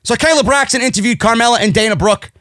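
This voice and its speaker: Man, New York accent, sarcastic profane rant, high-pitched, dry sound. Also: fast, sharp tone, no echo. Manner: sarcastic, exasperated, swears often. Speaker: wrestling show reviewer. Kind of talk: profane ranting show recap.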